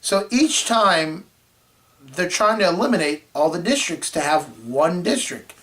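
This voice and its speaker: A man co-hosting a movie review show, telling a rambling story in casual chat and clearing his throat often. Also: high voice, very animated, unhurried, fairly bright tone. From Florida.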